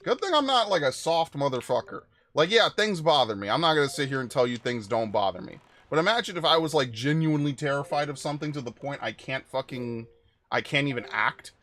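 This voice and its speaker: A young man streaming a video game, chatting casually with viewers and rambling through stories with sudden loud outbursts. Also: on the high side, expressive, fairly quick. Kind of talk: casual live-stream chat while playing.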